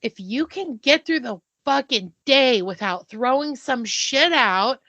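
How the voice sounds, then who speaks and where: Bright high-voiced chatty woman in her fifties. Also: takes it slowly, no echo, lo-fi sound. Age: 50s. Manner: chatty, animated storyteller, swears casually. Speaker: podcast co-host. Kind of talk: casual chat.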